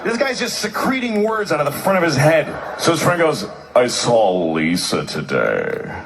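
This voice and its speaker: A man on stage ranting through a stand-up bit, his voice pitched high and swinging wildly as he mocks how people talk. A faint noise sits under the recording. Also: lively intonation, brisk, fairly bright tone. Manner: exasperated ranting, mocking voices. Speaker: stand-up comedian. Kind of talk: stand-up routine.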